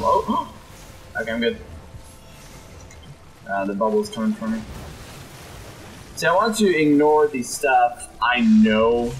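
Young guy doing let's play commentary, super excitable and jokey, voice bouncing all over, bit of faint hiss. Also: mid-range voice. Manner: excitable, jokey, often does silly voices for enemies. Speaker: gameplay commentator.

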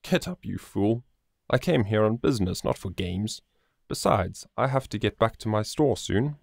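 A man's voice: lowish voice, lively intonation, normal speed, gravelly, a little mellow, no echo, clean studio sound. A man voicing a kind, teasing yet earnest young shoemaker in a storybook reading. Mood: amused.

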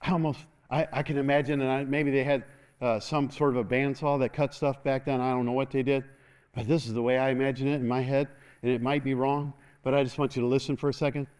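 A man preaching an energetic sermon as pastor in a church, calling for responses and laughing often. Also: mid-range voice, quick pace, smooth.

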